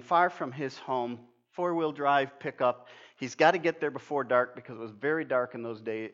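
A man's voice: mid-range voice, a bit bright. An older man preaching a sermon, earnest and emphatic, telling stories with frequent restarts. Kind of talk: sermon with storytelling. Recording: dull lo-fi sound.

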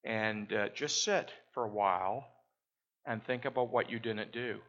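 A man voicing a firm young mother who speaks in a stern, measured way to her small child. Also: fairly low pitch, a bit bright, highs cut off.

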